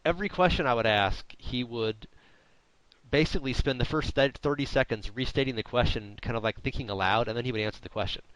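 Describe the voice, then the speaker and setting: A man in a casual podcast conversation, talking quickly and piling up rambling asides. His humor is dry and sarcastic, delivered deadpan. The recording is dry and close, with no room sound. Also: medium pitch, clear, resonant tone, dry recording, rough recording. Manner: droll, sarcastic, deadpan wit. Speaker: podcast host. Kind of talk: casual chat.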